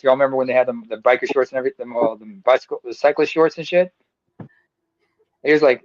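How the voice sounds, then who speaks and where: A man's voice: mid-range voice, fast, dry recording, muffled recording. A man chatting casually on a group call, telling stories in a rambling, profane way. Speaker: panelist.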